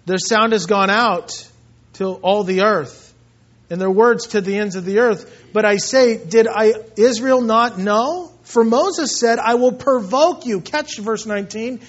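Male preacher, high voice, emphatic then hushed, on a dull lo-fi recording. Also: a little slow. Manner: emphatic, swings between loud and hushed. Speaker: pastor. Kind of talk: expository sermon reading scripture. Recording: muffled, dull lo-fi sound.

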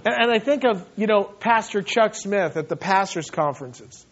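A male pastor preaching a sermon in an animated way, often laughing and acting out short voices. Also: sits high, normal speed, muffled recording, a little hiss or hum.

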